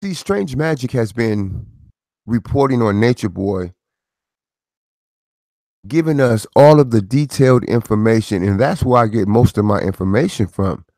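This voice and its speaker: A man's voice: mid-range voice, animated, normal speed, dark tone, no echo, clean studio sound. A middle-aged man hosting his own commentary channel, talking in a preachy way with rhetorical questions and repeated phrases. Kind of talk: casual commentary monologue.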